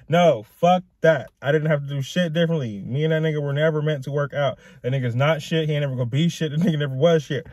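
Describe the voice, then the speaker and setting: A man's voice: a little high, fairly even intonation, fast, few pauses, darkish tone, dry recording, clean studio sound. Young man in a raw, profane rant. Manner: raw and profane, rambling in circles. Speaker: vlogger. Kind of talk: emotional personal rant to camera.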